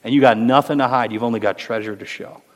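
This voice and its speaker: A fast-talking man with a mid-range, steady voice hosts a Christian podcast, speaking about faith in an earnest, encouraging, preacher-like way. Long reverb gives the recording a roomy feel.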